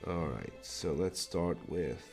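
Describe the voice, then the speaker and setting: A man's voice: sits low, takes it slowly, darkish tone, soft background music. A Hungarian man chatting casually on a live stream while painting, thinking aloud, muttering to himself and swearing now and then.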